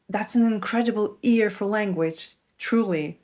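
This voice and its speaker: A woman's voice: medium pitch, unhurried, a little mellow. Woman reviewing a show. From Russia. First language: Russian. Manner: wry, candid and enthusiastic. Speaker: TV show reviewer and English teacher. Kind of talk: scripted video essay commentary.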